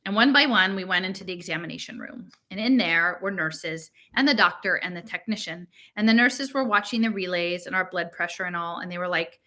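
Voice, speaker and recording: A woman reading a novel aloud in a casual voice, slowing down when she reads out long strings of numbers. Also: fairly low pitch, bright, forceful tone. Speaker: reader.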